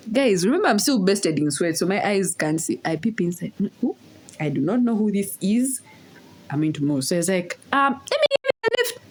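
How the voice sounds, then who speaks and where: A woman's voice: lowish voice, normal speed, slight background noise. A young woman from Uganda, casually telling a story in a vlog and acting out the voices in quotes. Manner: animated, laughing, acts out voices in quotes. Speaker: vlogger.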